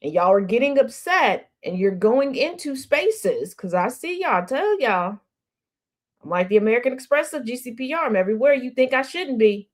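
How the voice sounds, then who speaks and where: Chatty woman host, voice a bit high. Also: very animated, normal speed. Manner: chatty, teasing, laughs often; talks straight to the audience. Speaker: radio show host. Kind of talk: casual livestream chat.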